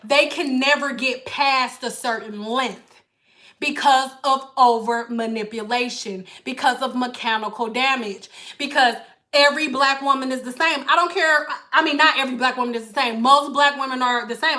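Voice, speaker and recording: A woman hair stylist chatting casually to live viewers, animated and blunt, swearing freely and slipping into playful put-on voices. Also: high voice, normal speed.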